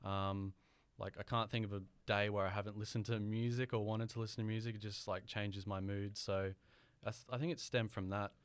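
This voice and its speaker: Young Australian male guest, smooth resonant voice, hesitant casual talker. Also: lowish voice, flat delivery, fairly quick, hardly any pauses, no room sound. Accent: mild Australian. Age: young adult. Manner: hesitant, filler-heavy, rambling. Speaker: guest audio engineer. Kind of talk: casual podcast interview.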